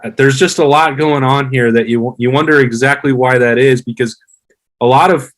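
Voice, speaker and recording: Measured man talking sports. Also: mid-range voice, steady tone, a bit bright, poor audio. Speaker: podcast guest, former player. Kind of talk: casual sports chat.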